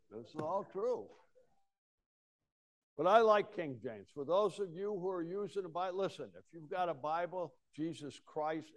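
A man preaching a folksy sermon, acting out Bible scenes with sudden swings from loud to hushed. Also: on the high side. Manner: folksy storytelling, acting out voices with big swings of loudness. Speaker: pastor.

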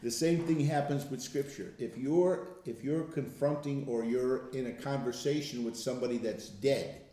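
A man talking casually to a group, telling stories and stressing points with slow, emphatic words. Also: mid-range voice, mellow. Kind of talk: casual testimony talk. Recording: echoey room.

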